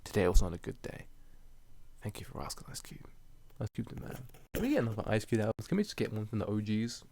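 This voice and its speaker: A man's voice: on the low side, very animated, quick pace, darkish tone. A young man hosting a solo podcast, rambling casually with lots of fillers, slang and jokes. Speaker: podcast host.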